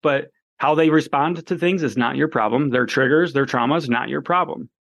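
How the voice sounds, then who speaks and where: A man's voice: medium pitch, normal speed, creaky, fairly bright tone, no echo. A man co-hosting a casual podcast chat, blunt and profane, laughing often. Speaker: podcast co-host.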